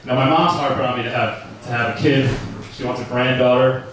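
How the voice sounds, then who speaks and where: A man's voice: mid-range voice, fairly even intonation, fairly quick, recorded from a distance, crowd noise. A young man doing a stand-up comedy set in a club, telling stories in a crude, profane, casual way. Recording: roomy club recording from afar.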